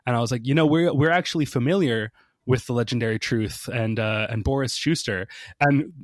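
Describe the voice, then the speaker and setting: A man's voice: mid-range voice, brisk, dry recording. A man sits close to a dry, deadened microphone and tells a loose, rambling story in a mid-range voice. He fills gaps with "like" and "um" and briefly acts out each person he quotes. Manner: chatty, many fillers, acts out quoted people. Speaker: podcast guest. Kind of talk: casual storytelling on a podcast.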